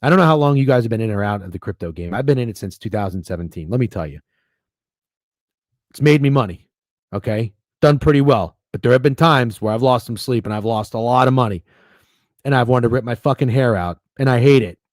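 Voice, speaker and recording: This sports betting stream host speaks at medium pitch and a little fast, cursing freely while he rambles excitably about games and wagers. The recording has no reverb to it.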